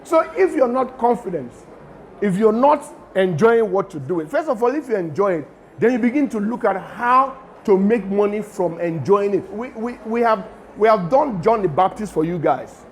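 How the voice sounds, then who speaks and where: A middle-aged Nigerian man with a Nigerian accent, giving a lively lecture to students and mixing in pidgin asides. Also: high voice, moderate pace, slight background noise. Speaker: guest lecturer.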